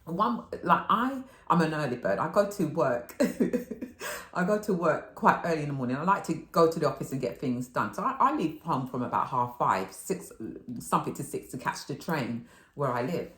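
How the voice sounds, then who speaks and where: A middle-aged woman telling rambling, animated stories in a chatty haul video, swearing and laughing freely. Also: low-pitched, normal speed. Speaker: vlogger. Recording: roomy echo.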